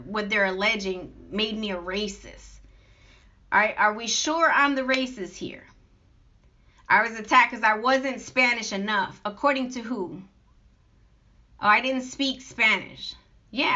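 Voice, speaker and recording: A woman vlogger with a fairly high, pushed and bright voice speaks at a measured pace, pausing often, in a dull lo-fi recording. In an unscripted monologue addressed to her critics, she sounds aggrieved and emphatic, piling up long lists of complaints.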